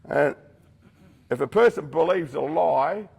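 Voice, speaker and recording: A man's voice: fairly high pitch, slow pace, gravelly, a little mellow, husky. A man leading a rehab group, giving a blunt, confronting talk that speaks straight to his listeners and acts out the voices he quotes. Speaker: rehab program leader speaking to residents.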